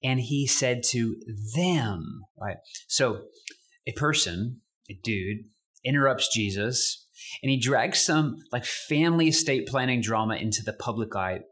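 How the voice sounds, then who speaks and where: A young adult man preaching a sermon as pastor, conversational and animated, with casual asides. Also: medium pitch, unhurried.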